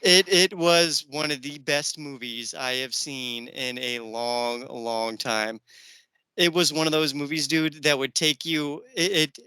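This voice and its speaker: A man's voice: a little high, steady tone, slow, pushed and bright, clean tone, no room sound, rough recording. A man hosting a podcast, chatting casually and enthusiastically about movies with plenty of fillers. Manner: enthusiastic, rambling with many fillers. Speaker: podcast host.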